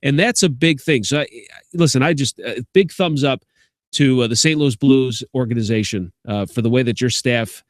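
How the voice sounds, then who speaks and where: A man's voice: mid-range voice, moderate pace, dry recording, clean studio sound. A man in his forties from Chicago with a Chicago accent, a sports commentator telling a story straight to camera in a casual, rambling way, full of fillers and restarts, a little short on sleep. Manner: chatty, repeats words and restarts, many fillers.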